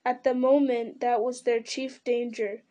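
A woman's voice: fairly high pitch, level tone, a little slow, warm tone. A woman reading a fantasy novel aloud in dramatic storytelling style, with occasional slips and restarts. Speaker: reader.

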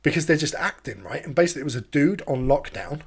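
A podcast host, chatting casually and telling animated, sweary stories. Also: male voice, fairly high pitch, fast talker, a little hiss or hum. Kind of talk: casual chat.

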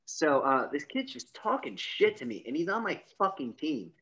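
A man's voice: a little high, moderate pace. A man co-hosting a podcast, telling a long story in casual chat, swearing freely and acting out the people in it. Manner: animated, swears freely, acts out quoted voices. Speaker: podcast co-host.

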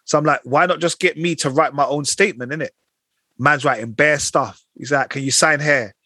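A man's voice: a little high, brisk, husky, no echo. A young man telling a long, slang-heavy story on a podcast, acting out every quoted line. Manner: animated anecdotes full of slang and acted-out quotes. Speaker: podcast co-host. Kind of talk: casual chat, storytelling.

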